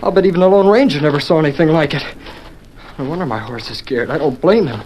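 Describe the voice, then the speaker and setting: An actor playing a plucky young cowboy lad who talks excitedly to his horse, in 1940s radio acting. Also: on the high side, fast, lightly acted. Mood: hushed. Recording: noisy 1940s radio broadcast.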